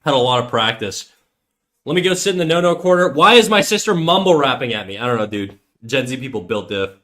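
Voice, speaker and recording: A man's voice: mid-range voice, lively intonation, fairly quick, a bit bright. A man chatting casually on a livestream while he draws, joking and playfully defiant as he argues with his chat.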